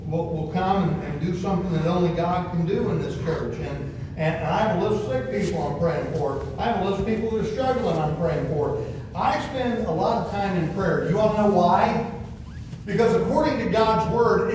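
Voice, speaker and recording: Folksy pastor in echoey church. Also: male voice, high-pitched, background noise. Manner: folksy, repeats words, asks the congregation questions. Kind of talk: sermon. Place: church sanctuary. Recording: very echoey room, distant from the mic.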